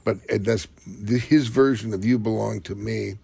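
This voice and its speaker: A man casually recounting a film shoot, relaxed and rambling, with drawn-out pauses. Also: lowish voice, creaky, husky, no echo. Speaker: actor recalling a film shoot. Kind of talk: casual anecdote.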